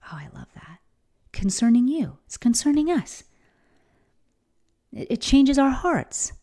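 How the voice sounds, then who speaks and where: A woman's voice: high-pitched, sing-song, unhurried, warm tone. Middle-aged woman, enthusiastic inspirational faith speaker, earnest storyteller. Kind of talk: motivational faith talk.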